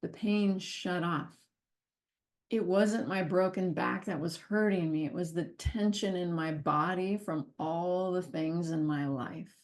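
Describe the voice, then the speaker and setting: Animated woman telling a personal story. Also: on the low side, measured pace. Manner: expressive, laughs often while telling the story. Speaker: wellness speaker. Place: talk or masterclass session.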